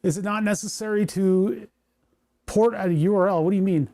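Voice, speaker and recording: In a casual livestream, a maker tinkers with a hardware project while chatting to his viewers, rambling and joking as he works. His voice sits high, fairly quick and mellow.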